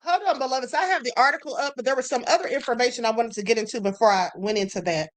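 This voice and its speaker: A woman's voice: on the high side, racing. A woman hosting a live stream, reacting with emphatic commentary and reading out viewer comments. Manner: outspoken, emphatic, addresses viewers as beloveds. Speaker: livestream host.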